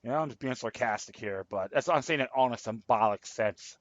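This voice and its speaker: A man's voice: medium pitch, a little fast, few pauses, no room sound, highs cut off. A man hosting his own political commentary show, reading articles aloud and rambling, stumbling and repeating himself. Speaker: show host.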